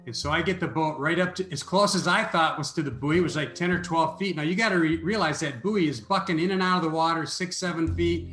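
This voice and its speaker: A man tells a story as a podcast guest, his voice sitting a little high. He gets animated when he reaches the dialogue and often restarts a sentence. The recording sounds roomy, with faint music underneath. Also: fast, few pauses. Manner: animated storyteller, repeats words when starting. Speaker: interview guest, author.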